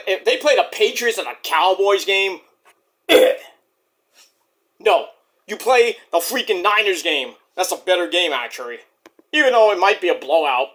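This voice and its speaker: Young man, higher voice, animated delivery, casual profane chat. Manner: loose and profane, does voices of wrestlers. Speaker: wrestling predictions vlogger.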